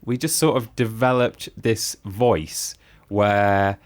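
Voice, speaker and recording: A man co-hosting a podcast, telling stories in a dry, unhurried way. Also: fairly low pitch, fairly even intonation. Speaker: podcast co-host. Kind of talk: casual chat.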